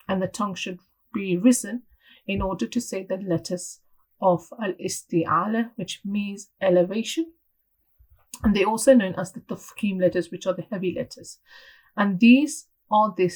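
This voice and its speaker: Woman teaching how to say letters, calm patient explaining, repeats sounds out loud. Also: medium pitch, poor audio. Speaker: Tajweed teacher trainer. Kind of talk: instructional lesson.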